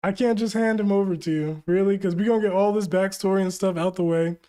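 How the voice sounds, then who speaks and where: A man's voice: high voice, steady tone, quick pace, mellow, clear, resonant tone. A young man hosting a live manga reaction, reading lines aloud and reacting in hyped, slangy bursts. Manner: hyped, slangy, reads quotes then reacts.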